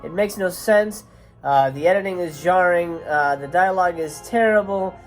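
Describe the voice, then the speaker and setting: A woman's voice: fairly low pitch, normal speed, soft background music. Chatty woman reviewing a cult horror film. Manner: chatty, hesitant, many uh fillers. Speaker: movie reviewer and channel host. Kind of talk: casual movie review vlog.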